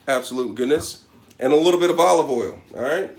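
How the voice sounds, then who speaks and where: A man's voice: mid-range voice, a little fast, a little mellow. A man hosting a parody cooking video in his kitchen, boasting and talking straight to viewers with repeated catchphrases. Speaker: comedic cooking vlogger. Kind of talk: deadpan parody cooking show. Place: home kitchen.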